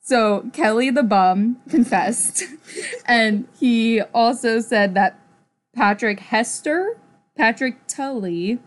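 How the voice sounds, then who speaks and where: A woman in her forties tells a story on a casual podcast. She takes her time, pausing with fillers between phrases. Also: on the high side. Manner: slow, halting telling with fillers and laughs. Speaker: podcast co-host.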